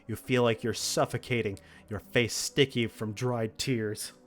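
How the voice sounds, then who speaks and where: A man's voice: medium pitch, steady tone, a little slow, soft background music. A man reading a text horror game aloud, with dramatic narration broken by laughs and reactions. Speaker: game streamer.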